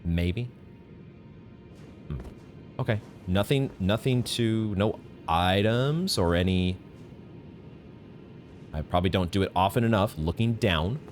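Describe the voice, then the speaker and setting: Low-voiced guy streaming a game, thinking out loud, playful, quiet music behind. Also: slow pace, long pauses. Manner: chatty, musing aloud, playful. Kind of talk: live gameplay commentary.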